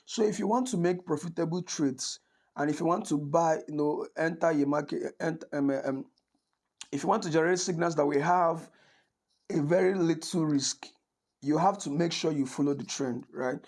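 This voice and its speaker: A man with a fairly high, slightly mellow voice talks at a moderate pace while teaching forex trading in a screen-recorded tutorial. His tone is conversational, he asks "right?" often, and he keeps restarting and correcting himself.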